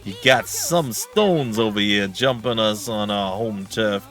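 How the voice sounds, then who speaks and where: A man's voice: lowish voice, unhurried, a bit bright, faint music behind. A man voicing a brash, street-talking teenage girl who speaks in tough slang. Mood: aggressive. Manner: slangy tough-guy talk.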